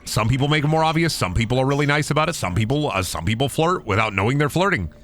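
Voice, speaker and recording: A young man chats casually while he streams a game, his pitch leaping about in a very animated way. His voice is bright, and his stories wander as he mimics the people in them. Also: quick pace. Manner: rambling, animated storytelling with mimicked quotes. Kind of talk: casual chat while gaming.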